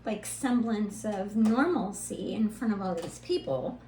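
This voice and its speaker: A middle-aged woman co-hosting a podcast, telling a family story in a lively, animated way and laughing now and then. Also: medium pitch, unhurried. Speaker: podcast co-host, mother. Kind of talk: casual storytelling chat. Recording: roomy echo, faint hum.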